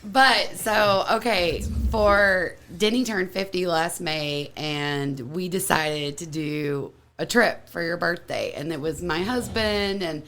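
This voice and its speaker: A woman's voice: on the low side, takes it slowly, hardly any pauses, fairly bright tone, a little hiss or hum. A woman with a Kentucky accent, a distillery co-founder telling stories in a blunt, teasing way and laughing often. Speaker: distillery co-founder, podcast guest. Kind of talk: casual storytelling chat.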